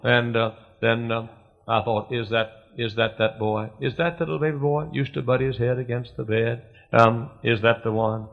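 A man preaching a sermon, storytelling with rising passion and shouted refrains. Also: medium pitch, moderate pace, gravelly. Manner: impassioned preaching, swelling to shouts. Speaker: pastor. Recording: dull lo-fi sermon recording.

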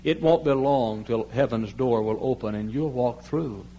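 An older pastor preaching with fervor. His voice drops to a soft plea, then climbs to ringing cries, and at times he moves away from the microphone in the sanctuary. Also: medium pitch, normal speed, slightly rough, muffled recording. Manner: impassioned preaching that swings from soft pleading to loud cries. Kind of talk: sermon. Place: large church sanctuary.

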